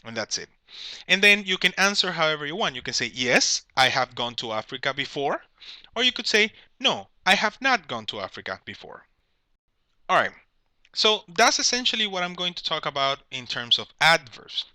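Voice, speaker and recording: A man's voice: fairly high pitch, sing-song, moderate pace, sharp tone, dry recording. A man teaching an English grammar lesson, explaining patiently, checking in with "all right?" and correcting himself as he goes. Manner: corrects himself mid-sentence.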